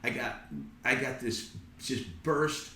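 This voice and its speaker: A man, a podcast guest, telling a personal story in a casual, animated way and often repeating words as he goes. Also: mid-range voice, slow. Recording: roomy echo.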